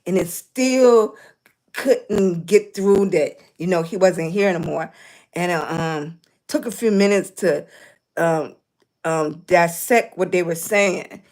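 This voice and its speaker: A middle-aged woman, hosting a casual livestream and greeting viewers warmly as baby and sweetie, hoarse and clearing her throat from a cough. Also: on the low side, takes it slowly. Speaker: livestream host.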